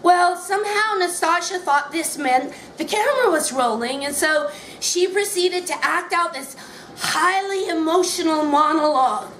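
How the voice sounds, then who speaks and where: A woman reads her memoir aloud at a bookshop event, telling it in a wry, amused way. Her voice sits high. The room around her is echoey, with faint background noise. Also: unhurried, fairly bright tone. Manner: wry, amused, often laughing between lines. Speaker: author reading her book. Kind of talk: memoir reading at a live event.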